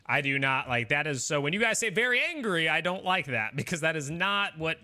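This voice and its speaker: A man's voice: fairly high pitch, lively intonation, a little fast, sharp tone. A young man, a game streamer, chatting casually with his viewers in a rambling, defensive way with lots of fillers.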